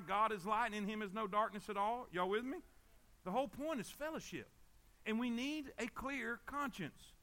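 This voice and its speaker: High, bright preacher. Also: male voice. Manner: emphatic, repetitive, calls for amens. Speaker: pastor. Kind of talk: sermon.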